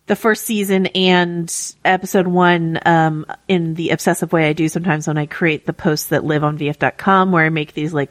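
On the low side but fairly bright in tone, this woman's voice carries no echo. As a podcast co-host, she chats casually, with plenty of fillers and restarts.

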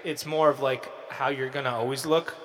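A man's voice: medium pitch, fairly even intonation, brisk, a crowd in the background, natural voice. A man doing a blunt, stammering news producer. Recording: long hall reverb.

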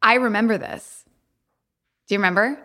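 A woman's voice: a little high, normal speed, pushed and bright. A woman co-hosting a podcast in casual chat, bubbly and giggly. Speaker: podcast co-host.

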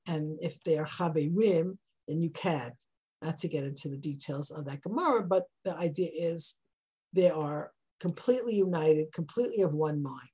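A woman teaching a text study lesson, explaining verses in an animated, emphatic way and rising sharply on rhetorical questions. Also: on the low side, husky, poor audio. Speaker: Torah teacher.

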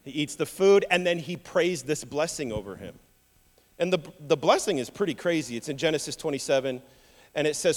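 Animated high-voiced male preacher. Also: fairly quick, in a large hall. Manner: animated storytelling with humorous asides. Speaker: pastor. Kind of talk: sermon.

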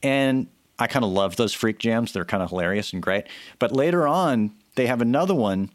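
A man's voice: medium pitch, animated, normal speed, dry recording. A man cohosting a podcast, chatting casually and giving strong opinions with many restarts, into a microphone. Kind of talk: casual chat. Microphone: studio microphone.

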